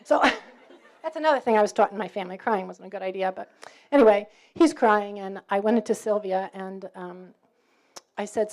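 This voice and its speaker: A middle-aged woman from New York, with a faded New York accent, telling a personal faith story to students in a lively way, acting out dialogue and laughing often. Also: mid-range voice, brisk. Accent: New York, mostly faded. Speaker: campus speaker.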